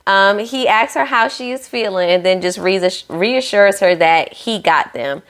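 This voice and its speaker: A woman's voice: medium pitch, a little slow, fairly bright tone. A woman recapping a reality show in a chatty, sassy way, with playful asides to her viewers.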